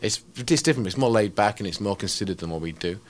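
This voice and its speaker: A man's voice: on the low side, animated, fast talker. A man with an English accent, a performance poet chatting in an interview in a rambling, self-mocking way with many restarts. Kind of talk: casual interview chat.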